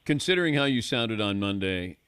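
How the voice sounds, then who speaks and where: An older man hosting a sports radio show, chatting casually with a wry, relaxed manner and frequent laughs. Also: lowish voice, a little fast, clean tone, no room sound. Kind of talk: casual studio banter.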